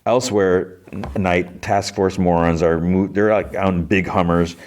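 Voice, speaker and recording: A man hosting a podcast, casually recapping TV episodes in quick quoted bits, with fillers and restarts. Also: deep voice, steady tone, darkish tone. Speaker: podcast host.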